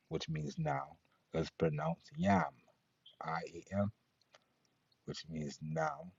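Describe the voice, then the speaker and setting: A man teaching Latin pronunciation, patiently spelling out letters and sounds with a husky voice. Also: deep voice, dark tone, dry recording. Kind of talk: pronunciation lesson. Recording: dull lo-fi recording.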